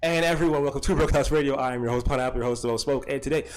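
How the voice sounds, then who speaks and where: A man's voice: medium pitch, very fast, hardly any pauses. Profane man hosting a livestream. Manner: profane, rambling, greets chatters by name. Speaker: livestream host. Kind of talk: casual livestream chat.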